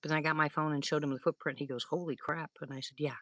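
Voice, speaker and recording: A woman's voice: low voice, steady tone, quick pace, fairly bright tone, no room sound. An older woman hosting a live stream, rambling through stories in casual chat with her viewers, laughing often. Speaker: livestream host.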